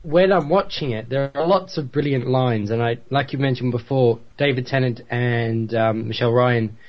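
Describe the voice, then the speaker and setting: A man's voice: medium pitch, normal speed, lo-fi sound. A man co-hosting a casual podcast chat and throwing in jokey asides. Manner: jokey interjections. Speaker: podcast co-host.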